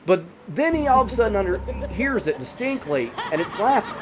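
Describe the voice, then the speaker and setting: A man's voice: high-pitched, big pitch swings, a little fast, a crowd in the background. A man telling a horror story in a casual, rambling way, full of "you know" fillers. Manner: rambling, many 'you know' fillers.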